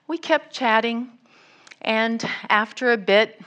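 A woman's voice: a little high, a bit bright. A middle-aged woman missionary giving a sermon, telling a story earnestly. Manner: slow, earnest storytelling with acted quotes. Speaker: guest missionary speaker.

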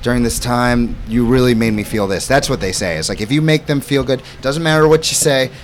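A man's voice: medium pitch, a little fast. Laid-back, encouraging male podcast host, mid-range voice, light noise behind. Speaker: podcast host, camp staff. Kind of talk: casual interview chat.

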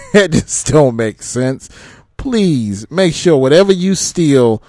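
Man, truck driver, profane laughing rant, lively swinging pitch, dry close sound. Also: slow, no echo. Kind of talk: casual rant to camera.

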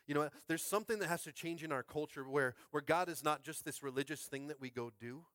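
A man preaching a sermon as pastor, fervent and calling out to his congregation, swinging from quiet musing to shouted climaxes. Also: fairly high pitch, quick pace, no room sound, clean studio sound. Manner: calls out to the congregation. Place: school space used as a church.

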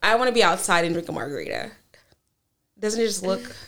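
A young woman in her twenties, co-hosting a podcast in relaxed, chatty talk full of 'like' fillers. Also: mid-range voice, fairly quick, a crowd in the background. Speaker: podcast co-host. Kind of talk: casual chat.

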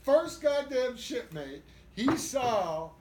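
An older man with a high-pitched voice tells rough, profane stories in an animated way. He sounds roomy and echoey, with faint ambient noise underneath him. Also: slow pace. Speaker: guest. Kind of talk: storytelling interview.

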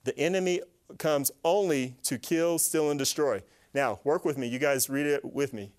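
A man giving an animated, faith-based teaching talk to a live group, asking them questions and acting out little voices. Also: fairly high pitch, moderate pace. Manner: animated, asks the audience questions, acts out voices. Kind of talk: lively sermon-style teaching to a live group.

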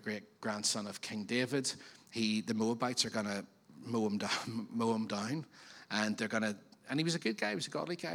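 A man preaching a sermon as pastor, in a chatty, animated way with frequent questions to the congregation. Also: lowish voice. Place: church auditorium. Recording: long reverb of a church hall.

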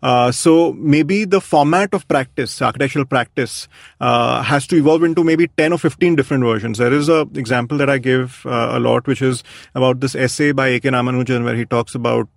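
A man's voice: medium pitch, a little fast, vocal fry, dry recording, studio quality. A man, answering as an architect guest in a reflective interview, thoughtful and hesitant with many fillers.

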